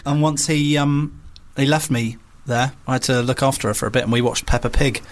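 A man's voice: medium pitch, fairly even intonation, a little fast. A man co-hosting a radio show, joking with a dry, wry manner. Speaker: radio co-host. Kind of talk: casual radio banter.

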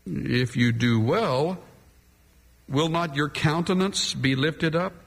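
Slow, dramatic preaching man in a hall. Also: vocal fry. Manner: emphatic, dramatic preaching with sweeping pitch. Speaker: pastor. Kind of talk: sermon. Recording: long hall reverb.

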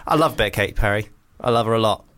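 A young man co-hosting a comedy radio show, telling stories quickly and ramblingly with lots of fillers. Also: fairly low pitch, a bit bright, clear, resonant tone.

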